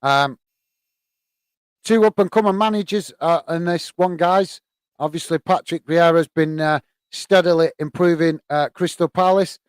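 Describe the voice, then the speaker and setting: A man with a voice on the high side hosts a live football watch-along from the UK, a little slow and clean-toned with no echo. He describes the play and chats with viewers, hesitating and using many fillers.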